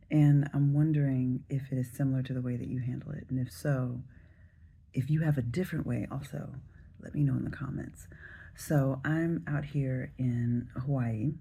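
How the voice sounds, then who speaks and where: A woman in her forties from the Southern US, telling a travel story to camera in a chatty, relaxed way. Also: very deep voice, creaky, breathy edge. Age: 40s. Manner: chatty, relaxed, addresses viewers directly. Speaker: travel vlogger.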